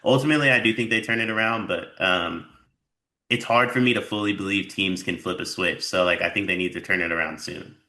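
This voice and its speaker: A man's voice: deep voice, fairly quick, sharp tone. A man co-hosting a sports podcast who talks in a loose, rambling way with lots of filler words. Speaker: podcast co-host. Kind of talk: casual sports chat.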